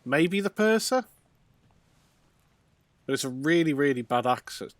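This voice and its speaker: A man's voice: fairly high pitch, animated, unhurried, no room sound. Musing man streaming a game. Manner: thinking aloud, musing. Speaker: let's play streamer. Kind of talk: casual game commentary.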